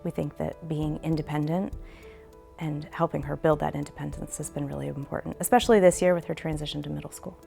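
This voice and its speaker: A woman speaking as a parent, calmly explaining in a documentary interview. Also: low-pitched, fairly quick, gravelly, faint music behind.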